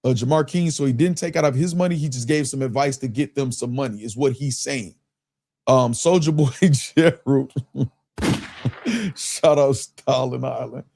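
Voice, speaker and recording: A man's voice: mid-range voice, moderate pace, creaky. Laid-back male livestream host. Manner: loose, slangy, keeps breaking into laughter; reads viewer comments aloud in a relaxed drawl. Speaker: livestream host reading super chats. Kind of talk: casual live-stream chat.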